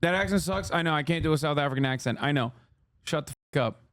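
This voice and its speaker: A man's voice: on the high side, quick pace, fairly bright tone. A man streaming a reaction video, talking in a heated, emphatic, profane way. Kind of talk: casual reaction commentary.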